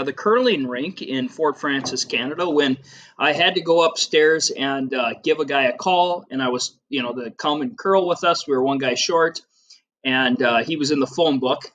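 Chatty, bright-voiced American teacher. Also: male voice, medium pitch. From United States. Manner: chatty, rambling, with filler words and personal anecdotes. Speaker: geography teacher. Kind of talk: casual classroom video lesson.

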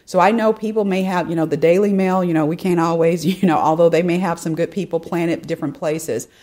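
A woman's voice: fairly low pitch, steady tone, a little fast, a little mellow. A woman hosting an opinion podcast, reading a news story aloud and talking it through in a chatty way, often turning straight to her listeners. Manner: chatty, addresses listeners directly, frequent "you know" and asides. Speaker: podcast host.

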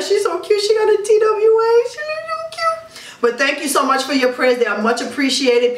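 In a casual review vlog, a woman chats emphatically about her hair care routine, using plenty of ums and repeating herself. Her voice is fairly high and fairly bright, and the mic sits far off in an echoey room.

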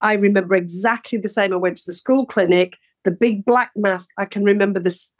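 A woman's voice: mid-range voice, fairly quick, no echo. Woman in her fifties reminiscing, dry sound. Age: 50s. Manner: relaxed reminiscing. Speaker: podcast guest, actress. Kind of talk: casual chat.

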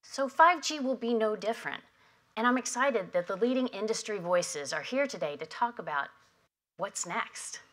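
A woman delivering prepared opening remarks at a conference, measured and emphatic, at a podium microphone. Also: mid-range voice, lively intonation, fairly bright tone. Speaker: industry association head giving opening remarks. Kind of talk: prepared keynote speech. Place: conference hall.

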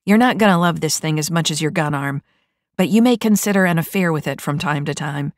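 A woman's voice: low voice, brisk, no echo, studio quality, natural voice. A woman voicing a tough, cocky female mech squad leader who talks in brash, crude banter.

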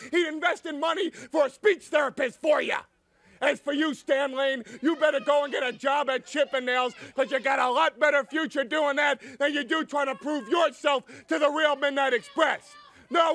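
Guy wrestling manager yelling a taunting promo, real high gravelly voice, sharp edge. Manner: taunting, sarcastic, shouting.

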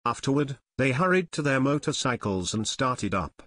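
A man reading an unabridged audiobook aloud as its narrator, in steady scripted narration. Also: medium pitch, moderate pace.

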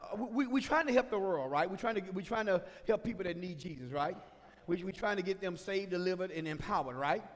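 A man's voice: high-pitched, lively intonation, fairly quick. Man, pastor, sermon, impassioned then conversational, reverberant church hall. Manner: impassioned preaching that swings from shouts to conversational asides. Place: church sanctuary.

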